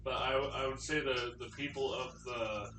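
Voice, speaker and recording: Sex: man. Role: tabletop player. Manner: hesitant, stop-start. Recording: far from mic, clear hum. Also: medium pitch, steady tone, moderate pace, bright, forceful tone, echoey room. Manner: hesitant, full of restarts. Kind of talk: casual tabletop chat.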